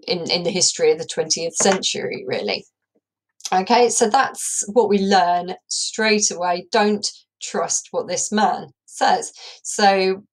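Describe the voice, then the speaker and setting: A woman with a fairly low speaking voice teaches a recorded English lesson. She explains the characters patiently and works her ideas out aloud for her students. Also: rough recording.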